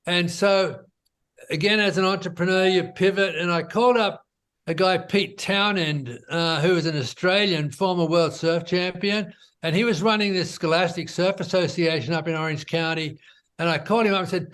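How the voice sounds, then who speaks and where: A man describes how he built his business in a laid-back interview chat, frequently adding "you know" and "right?" along the way. He's high-pitched and keeps a moderate pace.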